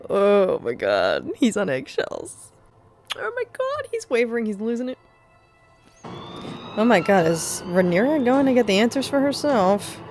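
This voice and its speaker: Brief: chatty female reactor, slow and very animated delivery. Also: medium pitch, faint music behind. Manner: excitable, exclaims and talks back at the screen. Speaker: reaction video host. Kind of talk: casual reaction commentary.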